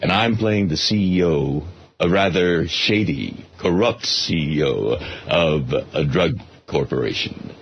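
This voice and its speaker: Man in his seventies, low voice, animated lively pitch, chuckling, measured, lo-fi radio, faint hiss. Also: husky. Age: 70s. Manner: warm chuckling, measured with fillers. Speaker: guest actor. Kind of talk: casual radio chat.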